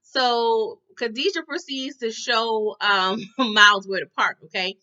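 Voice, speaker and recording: A woman's voice: a little high, a little slow, sharp tone. A woman recapping a TV episode in casual chat, with sassy slangy asides and lots of "you know" and "okay?" tags. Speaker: TV recap reviewer. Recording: dull lo-fi sound.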